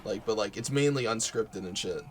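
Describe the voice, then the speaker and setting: A young man talking unscripted about his own life, halting, with lots of fillers and casual swearing. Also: fairly low pitch, a little hiss or hum. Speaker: vlogger. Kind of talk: unscripted personal talk.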